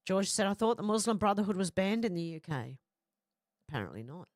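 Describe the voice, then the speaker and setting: A woman with a stuffy cold and a runny nose hosts a casual livestream, reading out viewer comments in a chatty, apologetic way. Her voice sits at a middle pitch for a woman. The sound is dry and close, with little room around it. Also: sing-song, a little fast, a little mellow, dry recording.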